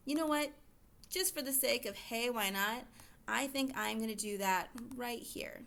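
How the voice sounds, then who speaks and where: A woman's voice: on the high side, a little slow, vocal fry, a bit bright. Chatty woman teacher explaining a lesson. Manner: casual, chatty, explains step by step. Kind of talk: recorded lesson walkthrough.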